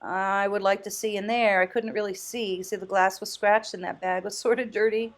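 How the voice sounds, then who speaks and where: A woman's voice: mid-range voice, fairly even intonation, normal speed. A chatty woman thrift vlogger with a mid-range voice, talking in a casual, off-the-cuff way. She muses aloud, exclaims with delight and laughs easily as she goes along. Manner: muses aloud, thinking out loud. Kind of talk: casual vlog commentary.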